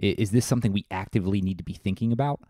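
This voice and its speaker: A man's voice: lowish voice, rapid-fire, dark tone, no room sound, clean studio sound. A man hosting a podcast interview, asking questions with small restarts. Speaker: podcast host.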